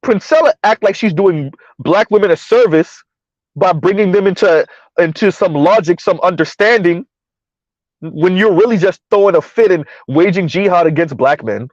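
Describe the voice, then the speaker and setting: A man's voice: high-pitched, normal speed, no echo, dull audio. A man hosting a live stream in casual commentary, mocking and sarcastic as he answers his chat.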